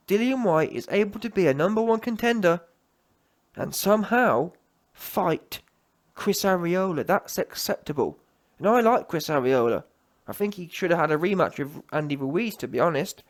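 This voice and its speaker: A fired-up man rants on his own channel, his voice swinging widely up and down as he hammers home each point. His pitch sits a touch high for a man. He talks fast and keeps cutting himself off to restart a thought. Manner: heated, emphatic, rapid restarts. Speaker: boxing commentator. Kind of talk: opinionated solo rant.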